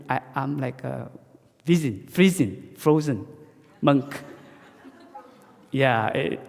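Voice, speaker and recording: A man giving a gentle dharma talk as a Buddhist monk, speaking simple English that halts and restarts often. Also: a little high, long reverb tail.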